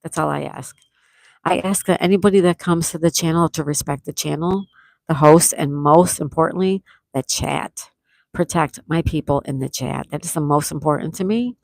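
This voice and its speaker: A woman's voice: low-pitched, moderate pace, gravelly, darkish tone, no room sound, studio quality. A woman hosting a casual livestream, chatting and reading out viewer comments, laughing often. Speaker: livestream host.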